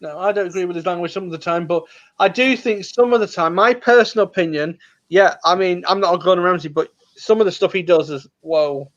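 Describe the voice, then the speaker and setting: Chatty man, high voice. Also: fairly quick, fairly bright tone, lo-fi sound. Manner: chatty storyteller who acts out quotes. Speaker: host. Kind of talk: casual chat.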